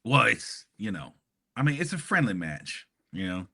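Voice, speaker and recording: Bright-voiced rambling man from Hawaii. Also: fairly low pitch, sing-song, normal speed, vocal fry, husky. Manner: rambling storyteller with many fillers and chuckles. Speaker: podcast co-host. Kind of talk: casual chat.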